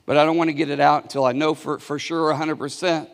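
A man speaks fast in a fairly high, flat voice as he preaches a sermon, telling a story and urging the congregation to answer. He often starts his words over and repeats them, while the big church hall lends a long reverb.

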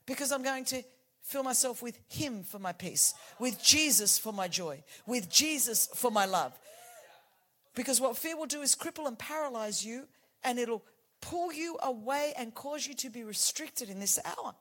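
Woman preacher in her forties, high voice, passionate sermon, hushed then shouting. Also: animated, moderate pace.

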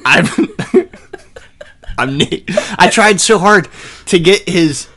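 A man's voice: sits high, animated, slow, sharp tone. A man co-hosting a casual podcast, joking, laughing a lot and swearing. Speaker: podcast co-host.

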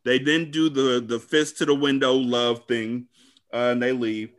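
A man's voice: mid-range voice, steady tone, a little slow. A man on a podcast casually recapping a bad movie, rambling, cursing and joking. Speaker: podcast host.

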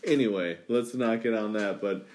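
A man's voice: lowish voice, moderate pace, darkish tone. A man co-hosting a casual podcast, rambling and restarting his sentences as he talks. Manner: rambling, lots of fillers and restarts. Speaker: podcast co-host. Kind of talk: casual chat.

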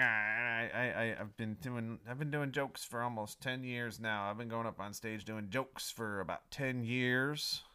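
A man in his thirties hosting a comedy podcast, rambling through a self-mocking intro and swinging from mumbling asides to loud melodramatic pleading. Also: fairly low pitch, clear, resonant tone. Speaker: podcast host.

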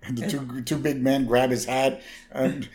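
A man's voice: medium pitch, little pitch movement, a little slow, darkish tone. A man co-hosting a podcast, playfully recapping an episode in casual chat and laughing often. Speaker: podcast co-host.

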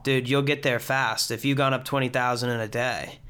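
A man's voice: medium pitch, steady tone, normal speed, fairly bright tone, clear, resonant tone. A young man hosting a podcast interview, upbeat and encouraging, calling his guest dude. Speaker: podcast host. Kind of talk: casual interview chat.

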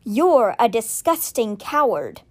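A woman's voice: on the high side, sing-song, slow, darkish tone, heavily acted. A woman voicing an angry, defiant young male wizard confronting his brother, bitter and heated.

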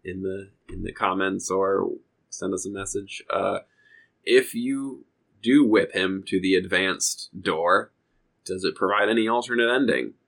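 A man's voice: low-pitched, unhurried, vocal fry, fairly bright tone, rough recording. A man co-hosting a casual video game podcast, talking in a rambling, hesitant way with many fillers. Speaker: podcast co-host. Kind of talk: casual game review chat.

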